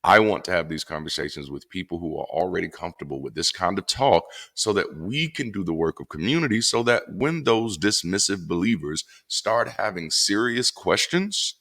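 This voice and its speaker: A former pastor in a casual monologue, speaking bluntly and profanely with animated emphasis. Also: male voice, low-pitched, moderate pace. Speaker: former pastor turned atheist commentator.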